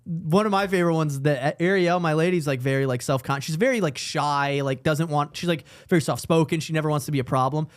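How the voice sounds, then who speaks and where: A man's voice: on the high side, brisk, few pauses, clear, resonant tone. A man telling funny stories on a casual comedy podcast, acting out what people said. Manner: animated storyteller, acts out quotes.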